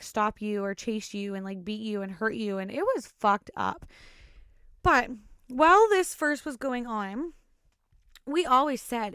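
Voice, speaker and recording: A woman's voice: on the high side, a bit bright, clean tone, no echo, clean studio sound. A woman hosting a show and casually telling her own stories, swearing often and rambling with lots of fillers. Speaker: podcast host telling personal stories. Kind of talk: casual storytelling.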